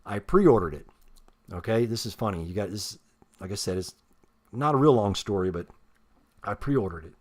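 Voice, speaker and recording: A man with a lowish voice tells his story in a loose, casual ramble, swearing freely and poking fun at himself. He talks while showing off a figure he painted himself. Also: expressive, normal speed, pauses often. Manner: rambling, heavy swearing, self-deprecating. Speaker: custom action figure painter.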